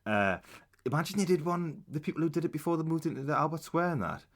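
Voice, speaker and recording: A man's voice: fairly high pitch, expressive, fast. A man, co-hosting a casual comedy podcast, blunt and sweary in his jokes. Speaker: podcast co-host.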